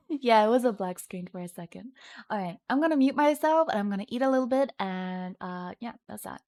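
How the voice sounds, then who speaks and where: A woman's voice: mid-range voice, lively intonation, normal speed, dark tone. A young woman streaming her art, chatting casually and teasing her viewers as she reads their messages.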